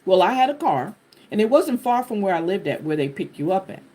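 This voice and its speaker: A woman host telling a personal testimony to her viewers in an animated, expressive way, talking to them directly. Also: medium pitch, brisk. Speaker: channel host sharing a personal story.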